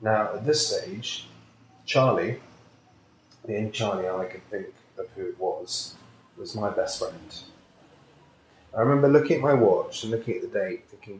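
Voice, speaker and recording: Man, earnest storyteller, lowish voice, echoey room, faint background hiss. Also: moderate pace, long pauses. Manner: earnest, reflective, acts out quoted voices. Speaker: psychic healer, interview guest. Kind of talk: personal storytelling interview.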